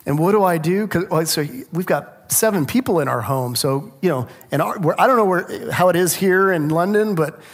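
Animated male preacher, slightly high voice. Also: moderate pace, few pauses. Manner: animated storytelling, rhetorical questions. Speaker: pastor. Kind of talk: sermon.

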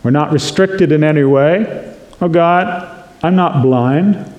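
Male pastor delivering a sermon, slightly high voice, unhurried earnest delivery, echoey sanctuary. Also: a little mellow, lo-fi sound. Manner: slow, earnest preaching, acting out prayers in quotes. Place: church sanctuary. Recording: echoey church room.

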